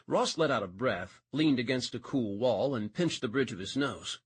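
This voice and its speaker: A man's voice: mid-range voice, expressive, moderate pace, few pauses, husky, dry recording. A man narrating a romance audiobook, reading expressively and changing voice for each character.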